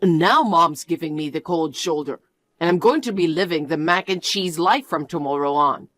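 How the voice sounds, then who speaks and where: A woman's voice: low-pitched, normal speed, fairly bright tone, dry recording. Storybook read: woman playing a defensive jobless young man, dry close mic. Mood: annoyed. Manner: defensive and demanding. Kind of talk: storybook narration.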